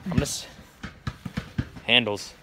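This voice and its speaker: A man's voice: slow, noisy background. Joking young man vlogging outdoors. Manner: joking, laughing, swearing. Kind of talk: casual vlog chat. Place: shops and a park at night.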